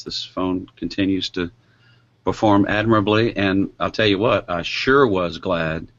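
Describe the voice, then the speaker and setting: An older man co-hosting a podcast, chatting in a relaxed, folksy way. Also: low voice. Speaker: podcast co-host. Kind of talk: casual chat. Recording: dull lo-fi podcast audio.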